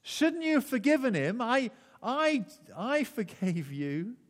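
A man's voice: very high-pitched, very animated, slow pace, pitched above the performer's own voice, full character voice. A man voicing an angry master who scolds a servant, raised and indignant, in a church with a long echo. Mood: indignant rebuke.

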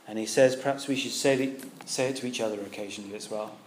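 A man's voice: fairly low pitch, fast talker, few pauses, background noise. A British man preaching a sermon in a conversational way, asking his listeners rhetorical questions. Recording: echoey room with faint ambience.

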